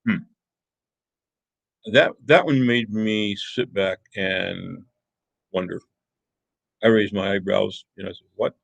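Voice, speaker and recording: A man's voice: on the low side, takes it slowly, vocal fry, long pauses, no room sound, poor audio. A middle-aged man teaching a college class, speaking earnestly and often restarting phrases. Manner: earnest, self-correcting, emphatic gestures. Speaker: college instructor. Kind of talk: classroom lecture.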